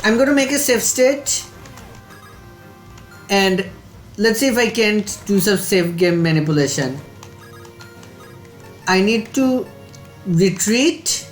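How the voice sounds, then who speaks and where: A man hosting a let's play, calmly thinking aloud while he plays a strategy game. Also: high voice, slow pace, long pauses, roomy sound, faint music behind. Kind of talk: game commentary.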